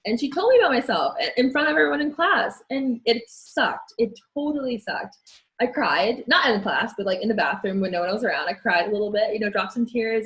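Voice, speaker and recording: A woman's voice: fairly high pitch, animated, a little fast, a bit bright, poor audio. A young woman speaking as an interview guest, frank and earnest, often restarting her sentences. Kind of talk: candid conversation.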